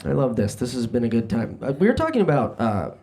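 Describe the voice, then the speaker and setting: A young man doing a stand-up comedy set on a club stage, brash and self-deprecating, throwing quick asides at the crowd. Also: medium pitch, sing-song, gravelly, noisy background. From New Jersey. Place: comedy club stage before a live audience.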